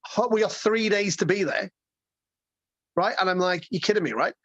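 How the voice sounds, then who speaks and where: A man guest telling a road-trip story in a casual, excitable way, swearing and rambling with lots of restarts. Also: high-pitched, normal speed, no room sound, highs cut off.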